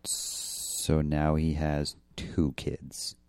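A man with an extremely low, dark, gravelly voice chimes in with short, dry jokes and skeptical questions. His delivery is casual and wisecracking, recorded close and dry. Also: completely flat delivery, extremely slow, no echo. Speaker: podcast co-host. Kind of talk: casual banter.

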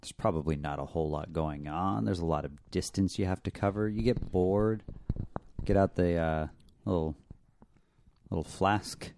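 A man's voice: deep voice, normal speed, warm tone, a little hiss or hum. A man co-hosting a casual podcast, asking questions and tossing in dry jokes. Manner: joking, dry quips and silly asides. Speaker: podcast co-host. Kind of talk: casual chat.

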